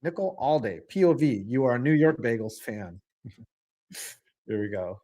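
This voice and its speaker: A man streaming a live football reaction, excitable and rambling, swinging from loud outbursts to low mutters. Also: moderate pace. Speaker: sports streamer.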